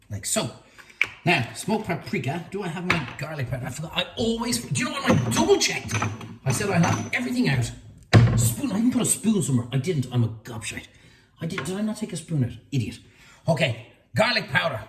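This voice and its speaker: A man's voice: high-pitched, very animated, fairly quick, fairly bright tone. An Irish man hosting a casual cooking demonstration in his kitchen, chatty and playful, repeating words in a sing-song way. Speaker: cooking show host.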